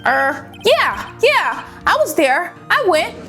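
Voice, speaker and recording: A dim young guy on trial, put on by a woman, with a slacker drawl and no worries. The voice is high and bounces around. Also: sing-song, slow, pushed and bright, faint music behind, full character voice. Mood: defensive. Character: dim laid-back young man defendant.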